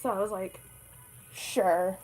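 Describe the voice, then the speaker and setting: A woman's voice: mid-range voice, fairly even intonation, normal speed, darkish tone, soft background music, rough recording. A young woman telling a story in a casual vlog, rambling, swearing and joking at her own expense. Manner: rambling, swears a lot, self-deprecating. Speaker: vlogger.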